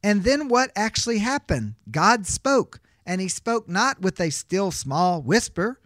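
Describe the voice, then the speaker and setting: Male Bible teacher, high pitch, dry close sound, emphatic lecturer who poses rhetorical questions. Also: very animated, a little slow, fairly bright tone, no room sound. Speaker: biblical counseling teacher.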